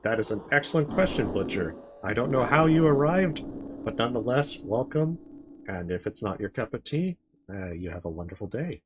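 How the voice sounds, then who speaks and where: A man's voice: mid-range voice, animated, normal speed, noisy background. A man streaming a retro-style role-playing game, chatting to viewers and reading the game's text aloud. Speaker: let's play streamer. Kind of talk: casual game commentary.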